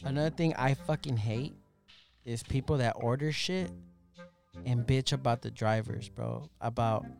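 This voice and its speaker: A man's voice: medium pitch, measured pace, vocal fry, a little mellow, soft background music. A man who works as a delivery driver, joking and swearing in casual chat.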